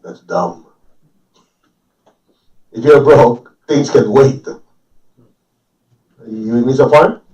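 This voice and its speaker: Before a live audience, a spiritual teacher from a Chinese family gives an informal, joking talk, often checking in with listeners through questions. He has a medium-pitched, darkish voice, and the live recording sounds distant, roomy, and dull.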